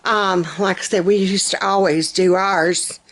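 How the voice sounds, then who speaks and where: A woman's voice: medium pitch, fairly even intonation, a little slow, fairly bright tone, a little hiss or hum. A middle-aged woman from Alabama with a Southern accent, chatting casually on her home vlog, a bit out of breath, rambling with fillers. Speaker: home vlogger.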